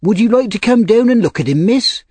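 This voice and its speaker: A nervous manservant calls up loudly in a high, anxious voice, as a man puts him on in a storybook reading. The voice rises sharply at the ends of phrases and keeps a husky edge. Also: animated, fairly quick, dry recording. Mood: anxious shouting.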